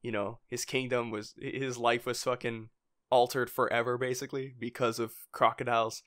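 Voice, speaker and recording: A man co-hosting a relaxed fan podcast, his voice at an ordinary middle pitch. He rambles loosely, leaning on fillers and breaking into small chuckles as he talks. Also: normal speed. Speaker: podcast co-host. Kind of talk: casual fan podcast chat.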